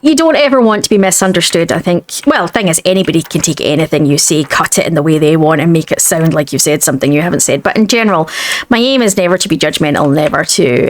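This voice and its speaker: A woman with a Scottish accent, rambling in casual chat while she plays a game. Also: fairly low pitch. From Scotland. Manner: rambling, chatty. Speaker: gaming video creator.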